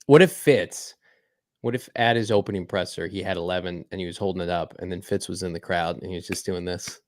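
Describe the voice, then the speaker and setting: A man co-hosting a casual sports podcast, playful and animated, acting out little scenes as he talks. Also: sits low, a little fast, no room sound. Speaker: podcast co-host.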